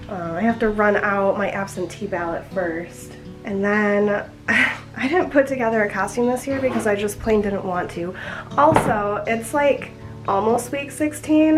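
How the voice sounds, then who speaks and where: A woman's voice: medium pitch, rough recording. A young woman chatting casually in a vlog, slightly out of breath, filling her talk with "like". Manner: chatty, fills with "like" constantly. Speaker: vlogger.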